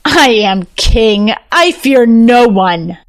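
A woman's voice: fairly high pitch, expressive, extremely slow, dry recording. A haughty, cruel king from a fantasy tale, put on by a woman narrator. He barks his commands and never doubts his own power. The voice sounds dry and close. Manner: commanding, shouting orders.

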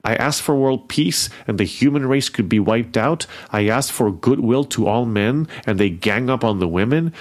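A man's voice: mid-range voice, normal speed, hardly any pauses, close to an everyday voice. A man voicing a distressed, tearful teenage girl who pleads anxiously.

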